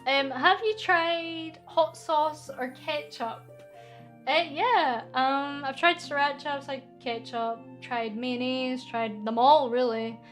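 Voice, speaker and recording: High-voiced Scottish woman chatting with viewers. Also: takes it slowly, fairly bright tone, faint music behind. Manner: chatty and giggly, reading chat aloud. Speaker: streamer. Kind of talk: casual chat answering viewer questions. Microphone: studio microphone.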